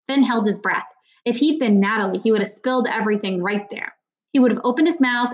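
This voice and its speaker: A woman reading an audiobook narration, even and steady. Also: a little high. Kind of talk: scripted narration.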